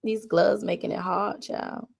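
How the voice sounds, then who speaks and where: A woman's voice: mid-range voice, steady tone, a little slow, gravelly, breathy edge. A woman hosting a livestream, giving a heartfelt mock-funeral tribute in a homey, sermon-like cadence. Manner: homey and emotional, slipping into churchy cadence. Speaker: livestream host.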